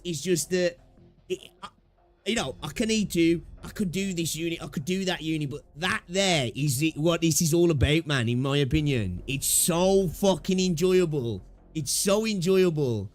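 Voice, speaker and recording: A young man live-streaming a game, chatting casually with his viewers, swearing freely and repeating his own phrases. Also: high voice.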